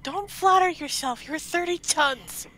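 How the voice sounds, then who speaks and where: A woman's voice: high-pitched, measured pace. A woman voicing Grisura, a brash and combative female brute, in an online tabletop role-play. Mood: taunting. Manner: taunting, shouty.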